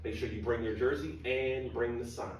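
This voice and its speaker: A man's voice: medium pitch, steady tone, normal speed, a little mellow, slight background noise. A man telling a funny, self-mocking story to an audience and talking to the crowd directly. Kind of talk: humorous storytelling talk. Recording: echoey hall from far off.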